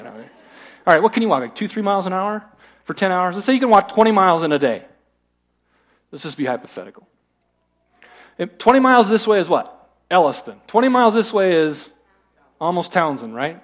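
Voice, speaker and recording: A middle-aged man preaching a sermon as pastor, conversational with joking asides, in a church. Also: sits high.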